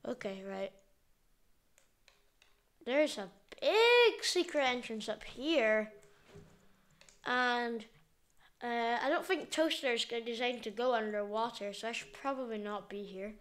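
A woman's voice: fairly high pitch, takes it slowly, pauses often. A woman hosting a gameplay video, giving goofy, jokey commentary as she plays and calling out to her viewers. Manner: goofy, jokey, playfully excitable.

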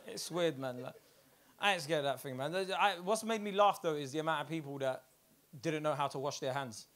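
A young man with a London accent doing a stand-up comedy set in a club, slangy and animated, swearing and laughing at his own jokes. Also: on the high side, a little fast, noisy background.

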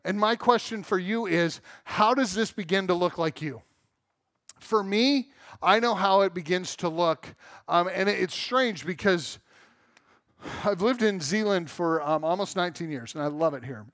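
A man's voice: high-pitched, normal speed, fairly bright tone, no echo, clean studio sound. A middle-aged man from Southern California preaching a sermon in church, candid and self-mocking, acting out the voices he quotes. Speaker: pastor. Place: church sanctuary.

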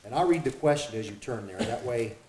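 A man's voice: mid-range voice, animated, darkish tone, echoey room, a little hiss or hum, poor audio. A man hosting a Bible study discussion, summing up and reading out viewer questions. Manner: measured, reads out viewer questions. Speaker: host.

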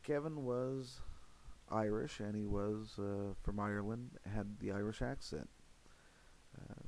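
A man narrating a paranormal investigation in an earnest, steady voice-over, with frequent fillers. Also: on the low side, takes it slowly, slight background noise, low-quality recording.

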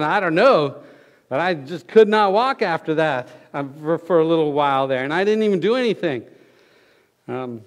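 Pastor guy preaching, folksy and excitable, high voice, big reverb from the church hall. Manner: folksy storytelling, gets loud and excited. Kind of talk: sermon. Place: church sanctuary.

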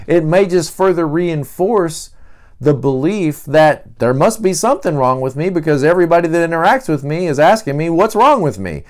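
A man's voice: on the high side, big pitch swings, fairly quick, darkish tone. A middle-aged man teaching in a conversational way, now and then acting out the voices he quotes. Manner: checks in with listeners. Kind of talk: teaching talk.

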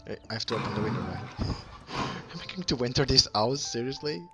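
A man commenting on a game he plays, excitable, laughing often and breaking into squeals and shouts. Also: mid-range voice, brisk, over music. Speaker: let's play host. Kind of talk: casual gameplay commentary.

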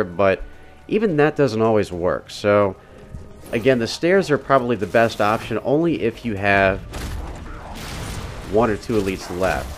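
A man giving casual, step-by-step gameplay commentary as the voice-over for a game walkthrough. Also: lowish voice. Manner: casual, instructive, talks the viewer through each step. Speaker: video game walkthrough narrator.

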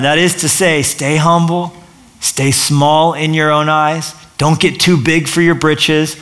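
A man's voice: fairly high pitch, normal speed. Upbeat man preaching a sermon. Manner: energetic, conversational preaching with restarts and asides. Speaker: pastor. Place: church stage.

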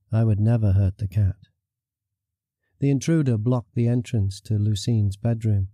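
With a medium-pitched voice, a male narrator delivers scripted fantasy audiobook narration at a steady, measured pace. The studio sound is clean, with no room sound.

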